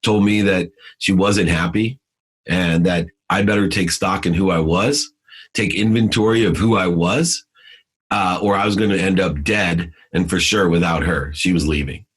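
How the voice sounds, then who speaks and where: A man's voice: sits low, moderate pace, a bit bright, husky. A man telling his story as an interview guest, intense and emphatic in a motivational way.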